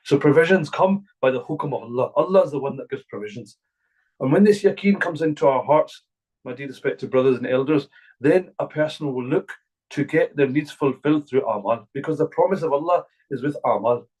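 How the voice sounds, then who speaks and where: A man's voice: fairly high pitch, darkish tone, breathy edge, rough recording. A middle-aged man from Glasgow, an imam giving an earnest, repetitive religious talk to a gathering. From Glasgow, Scotland. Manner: earnest, repetitive, emphatic preaching.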